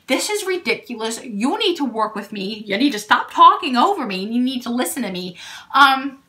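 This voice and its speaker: A young woman recounts a story to her vlog audience in a casual, indignant way, with lots of "like" along the way. Her voice sits a little high and has a sharp, bright edge. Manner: animated and indignant, heavy use of "like". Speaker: vlogger telling a story.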